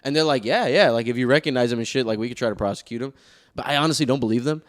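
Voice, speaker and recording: A young man co-hosting a podcast, casually telling an animated story full of swearing and laughter. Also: mid-range voice, very fast. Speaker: podcast co-host.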